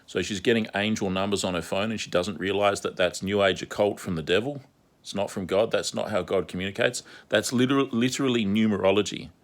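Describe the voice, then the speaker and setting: A man's voice: fairly low pitch, fairly even intonation, a little fast. A man delivering a repetitive, insistent monologue as an online commentator. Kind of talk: ranting monologue vlog.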